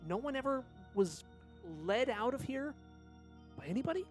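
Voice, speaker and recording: A newcomer prisoner asking question after question, as a man plays him at a tabletop game. He has a high voice for a man. His voice carries a long hall reverb with faint music underneath. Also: animated, normal speed. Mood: probing. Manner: questioning, casual. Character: newly arrived young adult male prisoner, curious.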